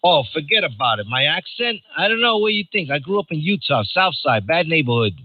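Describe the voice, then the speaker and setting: A man's voice: on the high side, expressive, a little fast, phone-quality sound. An older man from New York hosting a ham radio net in chatty, joking casual talk, reading out call signs. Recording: noisy radio transmission.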